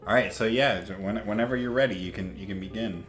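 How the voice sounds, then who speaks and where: A man's voice: lowish voice, quick pace, roomy sound, faint music behind. A man co-hosting a podcast, talking casually with many hesitations and fillers. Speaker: podcast co-host.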